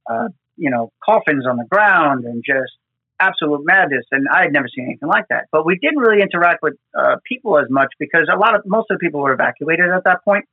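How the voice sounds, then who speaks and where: A disaster responder with a New York fire department team tells field stories conversationally, earnest and emotional, often repeating words. His voice is a little high, animated and fast, with no room sound over a tinny, phone-like line.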